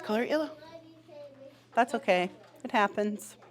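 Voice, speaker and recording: A woman teaching preschoolers in a classroom, encouraging them with frequent praise and gentle teasing. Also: medium pitch, expressive, normal speed. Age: adult. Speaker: pre-K teacher. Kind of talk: classroom instruction to small children.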